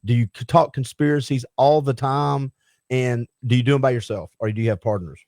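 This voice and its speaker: A man hosting a podcast chat, joking and quick. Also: medium pitch, darkish tone, dry recording, studio quality. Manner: fast-talking, joking. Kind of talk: casual chat.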